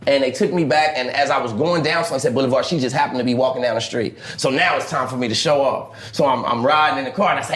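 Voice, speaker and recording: A man telling a crude personal story in an animated way, acting out the dialogue. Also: mid-range voice, quick pace. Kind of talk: storytelling monologue. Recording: echoey room.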